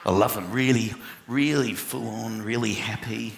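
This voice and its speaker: A man doing a stand-up comedy routine, animated, slipping into other voices and shouting punchlines. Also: on the low side, moderate pace, vocal fry, slight background noise. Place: large venue with a live audience. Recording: echoey live hall with loud crowd laughter.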